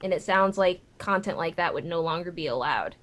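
A woman's voice: lowish voice, expressive, fairly quick, a bit bright. Woman, co-host, casual gaming talk, playful. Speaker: podcast co-host.

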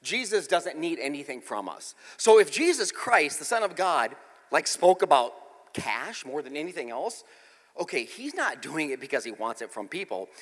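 A man's voice: a little high, normal speed, big-room sound. A middle-aged man preaching, a pastor telling a funny family story and joking with his congregation. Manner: animated, exclaiming, self-mocking humor. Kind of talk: comedic storytelling sermon. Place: church.

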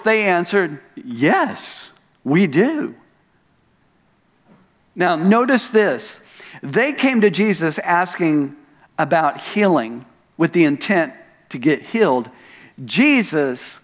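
In a church sanctuary, a pastor with a high-sitting voice preaches a sermon that echoes through the large hall. He tells stories, pokes fun at himself, and leans hard on key words.

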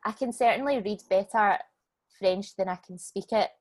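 A Scottish woman in her thirties, a business owner chatting as a podcast guest, relaxed and self-deprecating, laughing often. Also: medium pitch, normal speed. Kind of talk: casual podcast chat.

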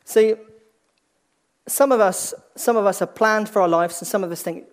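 High-voiced man preaching conversationally. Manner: swings between lively emphasis and hushed, slow delivery; repeats and restarts phrases as he thinks aloud. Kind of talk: conversational sermon.

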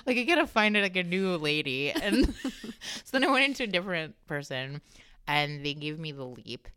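A woman's voice: deep voice, moderate pace, clean tone, dry recording, studio quality. A woman guest on a casual podcast, telling a candid story with lots of laughter and acted-out dialogue. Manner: animated storyteller who acts out quoted dialogue and laughs often; swears freely in a candid, conversational tone.

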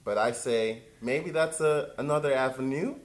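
A man's voice: mid-range voice, normal speed. A man co-hosting an improvised comedy call-in, hesitant and stammering, often trailing off. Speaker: co-host.

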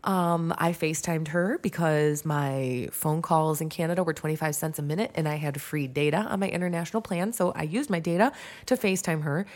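Young woman, low voice, chatty storyteller who curses and rambles with fillers. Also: brisk, a little mellow. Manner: chatty, swears freely, lots of fillers and restarts. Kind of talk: casual storytime monologue.

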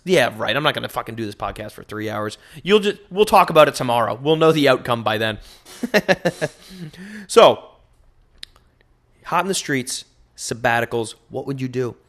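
A man hosting a solo podcast, rambling in an animated, profane way into a microphone. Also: mid-range voice. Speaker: podcast host.

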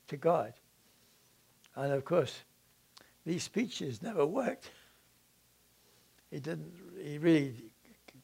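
An older man giving a lecture, telling a life story in a slow, reflective way with frequent pauses and fillers. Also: on the high side, gravelly, a little mellow.

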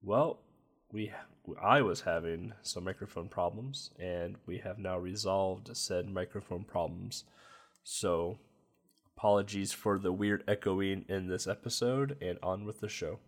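A man's voice: sits low, measured pace. A man co-hosting a casual podcast, stuffed up from allergies, wry and teasing. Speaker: podcast co-host.

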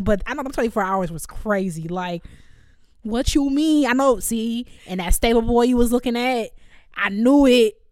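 A young woman, chatting casually as a podcast co-host and telling animated stories. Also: fairly high pitch, brisk, no room sound, studio quality. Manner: animated storytelling, laughs often, acts out voices. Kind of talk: casual chat.

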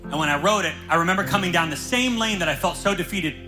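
A male pastor preaching a sermon in a church, telling stories with lively energy. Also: high voice, quick pace, music in the background, rough recording. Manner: energetic, animated storytelling.

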